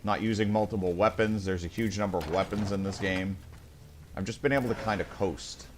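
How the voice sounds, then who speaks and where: Over a noisy background, a man with a lowish voice speaks a little fast while streaming his gameplay. Casual remarks to viewers mix with self-directed muttering, and mistakes draw swearing.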